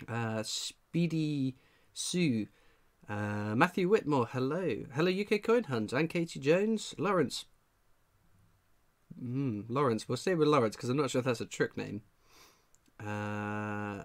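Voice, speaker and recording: A man with a cold, hosting a casual live stream, chatting and reading out viewer names. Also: on the high side. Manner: chatty, reads out viewer names, laughs a lot. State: has a cold. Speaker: livestream host. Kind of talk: casual livestream chat.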